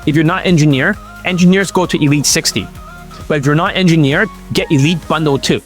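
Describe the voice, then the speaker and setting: A man talking straight to camera as a dating coach, blunt and profane, in a slightly high voice. He keeps stopping to check that the listener follows. Faint music plays under him. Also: a little fast. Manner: blunt and profane, keeps asking "does that make sense?". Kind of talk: Q&A monologue to camera.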